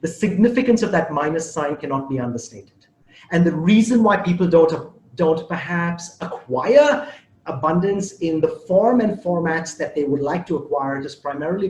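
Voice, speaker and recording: A man giving an animated motivational talk, playfully teasing the audience with questions and repeating and spelling out key words. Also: a little high, reverberant, poor audio. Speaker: motivational speaker.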